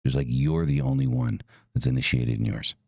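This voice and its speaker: Very deep, gravelly-voiced man. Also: steady tone, a little fast, a little mellow, dry recording. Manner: blunt and profane, emphatic. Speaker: podcast host. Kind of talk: casual talk.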